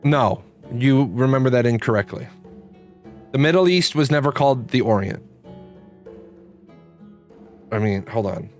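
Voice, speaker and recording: Hosting a live stream with faint guitar music behind him, a man in his forties answers the chat in a blunt, profane, rambling manner. His voice is medium-pitched and expressive, at a normal speed.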